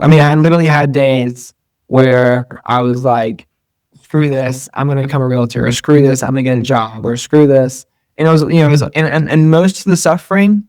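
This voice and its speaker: A man's voice: medium pitch, darkish tone, dry recording. Guy rambling thru an interview, lots of ums and restarts, dry sound. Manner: rambling, many fillers and restarts. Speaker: guest entrepreneur. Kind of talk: casual interview talk.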